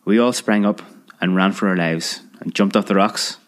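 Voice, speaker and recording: A man reading a story aloud, lively, putting on voices for the characters. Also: sits low, normal speed. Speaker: narrator. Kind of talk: scripted narration of a children's memoir.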